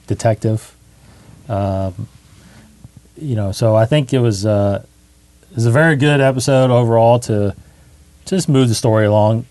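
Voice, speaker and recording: A man co-hosting a casual TV recap podcast, relaxed and heavy on fillers. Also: on the low side, dry recording. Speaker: co-host.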